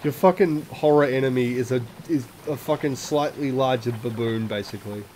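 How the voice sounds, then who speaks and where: A man's voice: medium pitch, normal speed, a little mellow, a little hiss or hum. Profane, chatty let's play man. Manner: profane, self-mocking, chatty asides. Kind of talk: casual gameplay commentary. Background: game music.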